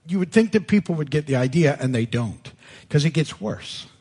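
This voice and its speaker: A man's voice: a little high, lively intonation, moderate pace, a little mellow, husky. A middle-aged male pastor giving an informal, emphatic sermon. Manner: emphatic, informal, frequent restarts. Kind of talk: conversational sermon teaching.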